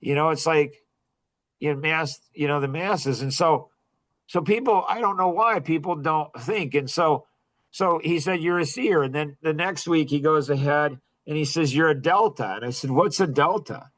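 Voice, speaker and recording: Rambling man in his sixties, slightly high voice. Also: a bit bright. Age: 60s. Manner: rambling, self-interrupting, with quick laughs. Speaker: podcast guest. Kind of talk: casual storytelling.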